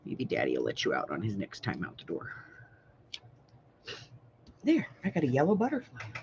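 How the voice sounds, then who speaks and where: A woman's voice: rumbling low, wildly swooping pitch, moderate pace, creaky, darkish tone, muffled recording, slight background noise. A woman hosting a casual live craft class, playful and joking, laughing often. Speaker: crafting livestream host.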